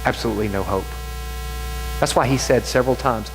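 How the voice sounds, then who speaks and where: A man preaching a sermon, reading scripture aloud with passionate, dramatic emphasis and slow, stretched-out phrases. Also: medium pitch. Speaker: pastor. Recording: long hall reverb with faint music and hum.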